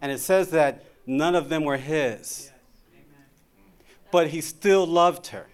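A man's voice: a little high, takes it slowly, clear, resonant tone. A middle-aged man giving an informal sermon about marriage, talking conversationally and often repeating his words.

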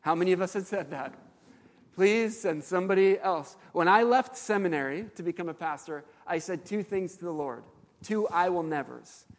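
Animated pastor preaching in a reverberant hall. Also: male voice, high-pitched, brisk. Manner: animated storytelling preacher with fillers. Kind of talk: sermon.

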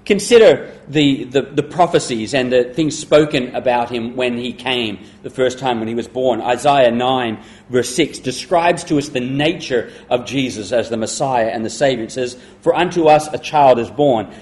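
Middle-aged guy preaching, leans hard on key words then goes quiet, mid pitch. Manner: emphatic, slows and drops to a hush on key words. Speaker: pastor. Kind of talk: sermon.

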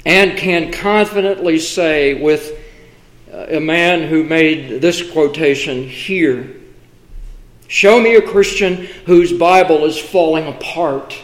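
Male preacher, high-pitched, unhurried, emphatic, with measured pauses. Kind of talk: sermon. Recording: echoey room.

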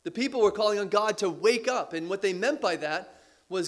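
A man preaching a sermon with earnest emphasis, repeating key phrases and letting his voice drop low at the ends of lines, with the odd light laugh. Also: expressive, brisk. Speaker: pastor.

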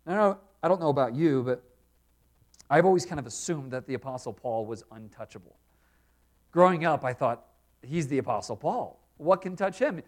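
A male pastor preaching an earnest expository sermon, dropping quiet when voicing prayers. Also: a little high, lively intonation, normal speed.

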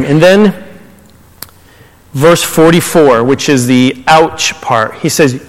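A man preaching as a pastor, animated and conversational, paraphrasing scripture in everyday words. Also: on the high side, takes it slowly, long pauses. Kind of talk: sermon. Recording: long hall reverb.

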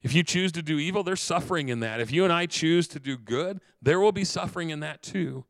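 A man pastor giving an earnest sermon, repeating phrases and slowing down for emphasis. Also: on the high side, no room sound.

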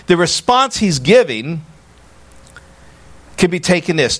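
A man preaching a sermon as a pastor, animated and emphatic, acting out quoted dialogue. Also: on the high side, unhurried, pauses often, slightly rough.

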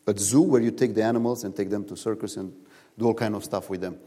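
A man preaching a sermon in a church, telling stories in animated, non-native English, recorded in a reverberant hall. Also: fairly low pitch, fairly quick, breathy edge. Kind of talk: sermon with storytelling.

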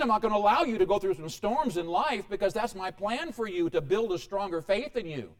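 A man delivering a sermon in a high, bright-toned voice. His pitch swings widely as he preaches, surging up and then falling back to a near hush. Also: expressive, fairly quick, hardly any pauses. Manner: dramatic preaching with sudden rises and quiet drops.

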